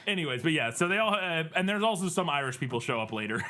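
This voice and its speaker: A man's voice: fairly high pitch, very animated, fast, bright, forceful tone. A man co-hosting a podcast, chatting casually about a bad film, laughing often and sounding exasperated. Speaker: podcast co-host. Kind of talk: casual movie review chat.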